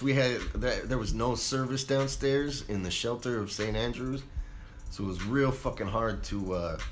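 Laid-back, profane male podcast host. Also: lowish voice. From Colorado. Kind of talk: casual solo podcast chat.

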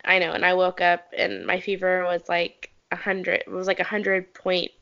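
A woman's voice: fairly low pitch, monotone, normal speed, creaky, a bit bright, lo-fi sound. A young woman co-hosting a podcast, sick with a cold, talking in casual chat. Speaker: podcast co-host.

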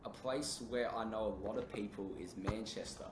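A man's voice: fairly low pitch, fairly even intonation, normal speed. A man hosting a podcast, talking casually and laid-back, calling his guest "bro" and "mate". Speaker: podcast host. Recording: echoey room with background noise.

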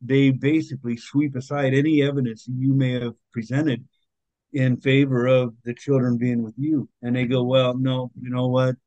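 A man talks in an earnest, indignant way, pausing often on fillers as he makes his case. His voice sits at an ordinary pitch. The recording is dry and a bit dull, with no room sound. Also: steady tone, dark tone, no echo. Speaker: podcast guest, author and activist. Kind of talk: conversational interview.

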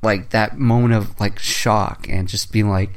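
Young man, low-pitched, lively and profane storyteller in casual chat. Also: measured pace.

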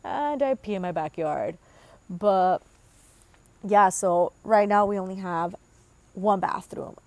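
A woman's voice: mid-range voice, slow, a little mellow, no echo. A woman in her twenties telling a rambling, profane story in a casual monologue, full of fillers. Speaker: host.

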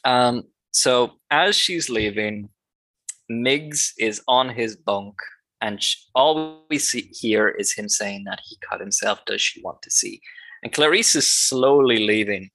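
A man's voice: mid-range voice, slow, pushed and bright, no echo, poor audio. A man co-hosting a podcast, talking through a film in a laid-back, analytical way and breaking into laughs now and then. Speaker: podcast co-host. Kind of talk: casual film-discussion chat.

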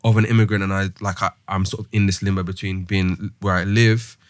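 A man's voice: low-pitched, flat delivery, fairly quick, no room sound, studio quality. A man, hosting a casual podcast discussion, thinking aloud with many ums and restarts. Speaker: podcast host.

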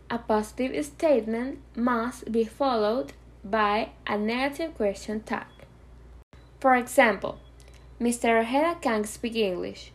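A woman hosting a grammar podcast, reading clear, carefully scripted explanations. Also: fairly high pitch. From Venezuela. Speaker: podcast host teaching grammar.

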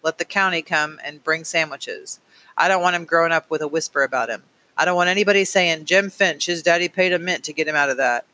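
A man reading an audiobook, voicing a steady, principled middle-aged father who speaks earnestly and firmly. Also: on the high side, brisk. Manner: earnest, pleading, firm.

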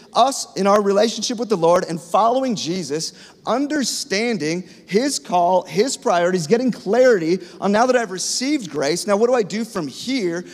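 A man in his thirties preaching a sermon to his congregation in a conversational, storytelling way. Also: sits high. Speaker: pastor. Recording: long reverb of a large hall.

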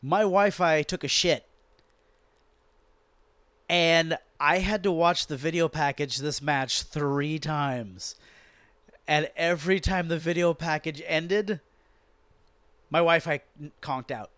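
A man's voice: a little high, slow pace, pauses often, no room sound. Profane ranting man on a podcast. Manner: animated, profane, sarcastic ranting. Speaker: podcast host. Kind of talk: casual ranting wrestling commentary.

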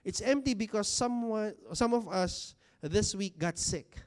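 A man preaching a sermon to a congregation, talking conversationally, asking rhetorical questions and stretching out key words for emphasis. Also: sits high. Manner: stresses key words with slow, drawn-out delivery. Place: church hall with congregation seated.

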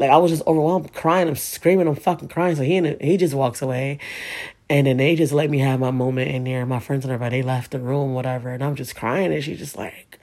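A vlogger in her thirties tells a personal story emotionally and ramblingly, swearing often and stuffing her speech with asides and fillers. Her voice is extremely low and warm, and she talks quickly.

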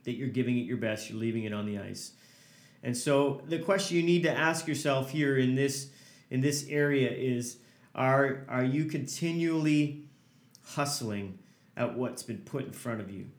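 A man's voice: medium pitch, normal speed, reverberant. A man hosting a motivational podcast as a hockey coach, talking earnestly and hammering points home with repeated lists.

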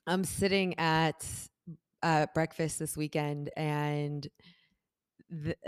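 A woman hosting a podcast, telling a story in casual chat, animated and acting out the dialogue. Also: fairly low pitch. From Los Angeles area resident. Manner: animated, acts out quoted dialogue, laughs through story. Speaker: podcast host.

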